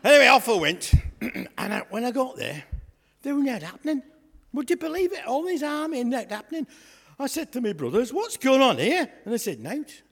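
Brief: man doing a cocky young lad, raspy and high, lively, echoey church hall. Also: brisk, exaggerated voice. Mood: cheeky. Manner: chatty, jokey, asides to the congregation. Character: cheeky young shepherd lad, boastful and comic. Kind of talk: comic storytelling sketch in church.

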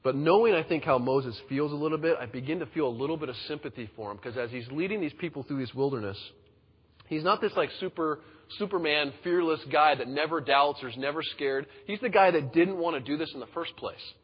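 A man's voice: fairly high pitch, a little fast, breathy edge. A pastor giving a conversational sermon, acting out the people he quotes. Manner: conversational, acts out quoted voices. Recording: dull sound in a reverberant hall.

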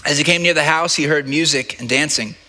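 A man's voice: a little high, fairly quick, pushed and bright. A male pastor preaching a sermon in a conversational way, often stumbling and repeating words. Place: church sanctuary. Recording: long reverb of a church hall.

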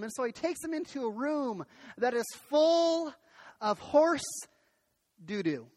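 Animated pastor preaching in a reverberant hall. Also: male voice, very high voice, normal speed. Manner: animated storytelling with many restarts. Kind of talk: sermon.

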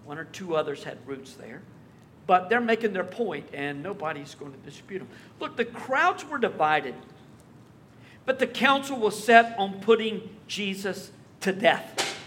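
A man preaching a verse-by-verse sermon, conversational and lively with wry asides. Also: high-pitched, a little slow, slight background noise. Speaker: pastor. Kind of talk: expository sermon.

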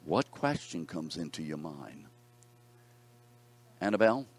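A man's voice: a bass voice, sing-song, unhurried, slightly rough. A man teaching a Bible class, reading scripture aloud and putting questions to his students in a conversational way.

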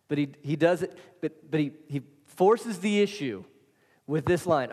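A male pastor preaches a sermon in a loose, casual way, pressing his points emphatically and addressing listeners directly. His voice is a little high for a man, with a darkish tone and moderate pace. A long reverb from a large hall rings through the sound.

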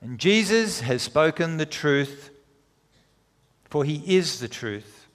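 A man preaching a sermon, retelling scripture dramatically with emphatic pauses. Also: a little high, expressive. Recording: long hall reverb.

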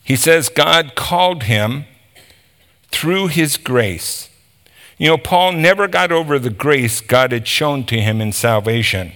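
A man's voice: mid-range voice, animated, slow pace, sharp tone. A man preaching a sermon, explaining scripture with emphatic asides and reading passages aloud.

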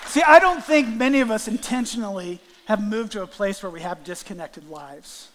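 A man with a high voice preaches to a congregation, walking volunteers through a hands-on illustration. He talks in a lively, playful way and shouts out greetings as he acts them out. A faint noise sits under the recording. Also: normal speed, big-room sound, a faint crowd. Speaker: guest preacher. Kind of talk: sermon with live illustration. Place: church sanctuary.

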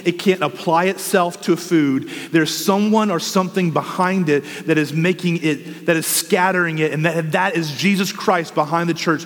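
A man's voice: fairly high pitch, long reverb tail. A man preaching a sermon, working through rhetorical questions with fervent, impassioned delivery. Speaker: pastor.

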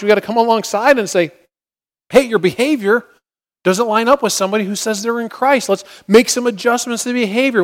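A man's voice: high-pitched, long reverb tail. A man preaching a sermon, earnest, often acting out prayers and inner thoughts as he teaches. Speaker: pastor.

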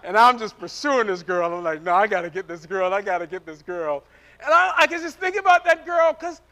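A man preaching a sermon as pastor, shifting from loud emphatic declarations to hushed, soft passages, often repeating words as he presses a point. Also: extremely high pitch.

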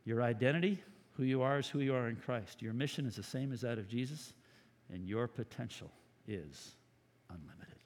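A man preaching as pastor, telling a story dramatically and swinging from loud bursts to hushed, quiet lines. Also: medium pitch, fast, in a large hall. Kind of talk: sermon storytelling.

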